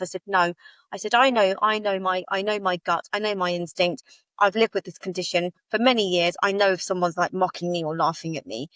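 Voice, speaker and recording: A woman, a podcast guest, recounting a personal experience in a halting, emotional way, often repeating her phrases. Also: steady tone, a bit bright, no room sound, rough recording. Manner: halting, repeats phrases, rises in pitch when retelling upsetting moments.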